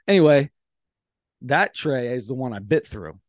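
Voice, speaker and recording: A man's voice: mid-range voice, sing-song, a little slow, no echo, clean studio sound. A man co-hosting a podcast, telling rambling stories in casual chat and laughing as he goes. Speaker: podcast co-host.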